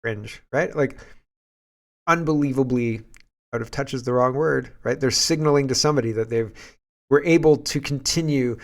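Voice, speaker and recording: A man's voice: mid-range voice, moderate pace. A man hosting casual political commentary, sarcastic and scoffing, laughing often as he reads and reacts.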